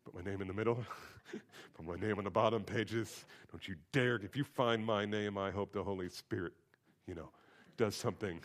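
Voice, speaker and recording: Preacher swinging from loud to hushed. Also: male voice, moderate pace. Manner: swings between loud emphatic peaks and low quiet asides; repeats phrases for emphasis. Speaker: pastor. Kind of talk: sermon.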